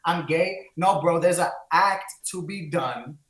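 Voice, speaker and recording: Preachy New co-host, bright-ish voice, roomy echo on the mic. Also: male voice, fairly high pitch, unhurried, a crowd in the background. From the Bronx, New York. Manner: impassioned, preachy, mixes in Spanish phrases. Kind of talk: candid podcast conversation.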